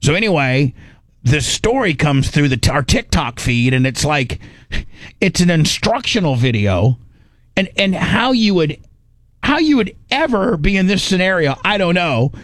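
A middle-aged man hosting a radio show, telling a rambling story in a casual, animated way on a studio microphone. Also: a little high, unhurried, dry recording. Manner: animated, rambling, acts out his own inner voice.

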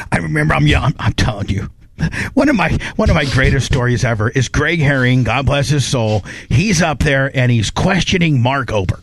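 A man's voice: mid-range voice, animated, normal speed, vocal fry, no room sound. Man telling stories in a dry room. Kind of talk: casual conversation.

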